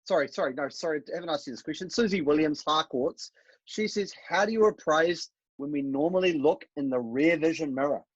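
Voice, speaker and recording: Easygoing New host, muffled audio. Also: male voice, fairly high pitch, fairly quick, breathy edge. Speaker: moderator reading audience questions. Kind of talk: casual Q&A hosting.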